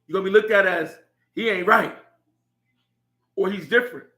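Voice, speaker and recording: A man's voice: high-pitched, normal speed, sharp tone. A middle-aged man telling a heartfelt story about his son, laughing now and then as he speaks. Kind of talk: personal storytelling. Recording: echoey room.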